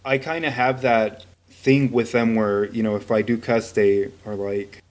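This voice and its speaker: A man's voice: fairly low pitch, fairly even intonation, measured pace. A man in his thirties co-hosting a podcast. He rambles casually, swears a lot and acts out voices when he tells stories. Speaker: podcast co-host. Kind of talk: casual chat.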